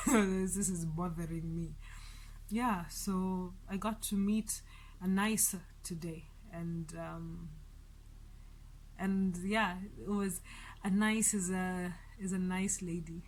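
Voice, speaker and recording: A woman's voice: medium pitch, slow pace. Chatty woman telling a rambling story. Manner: chatty and rambling, with many restarts and light laughs. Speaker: vlogger. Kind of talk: casual storytelling vlog.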